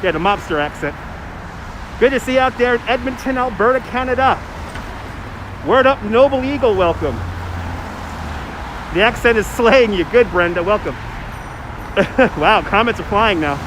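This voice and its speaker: A man's voice: extremely high pitch, normal speed, pauses often. A man hosting a live walking tour outdoors, chatting to viewers and greeting them by name, recorded on a phone on a gimbal. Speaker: tour guide and livestream host. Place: outdoors on a city bridge and promenade. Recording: loud urban traffic noise.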